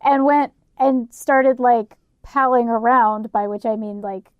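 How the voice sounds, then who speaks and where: A woman hosting a podcast, chatting candidly and thinking out loud with plenty of "like"s and the odd swear. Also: a little high, fairly even intonation, a little slow, no room sound, highs cut off. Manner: candid, profane, thinks aloud with many "like"s. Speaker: podcast host. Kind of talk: casual podcast chat.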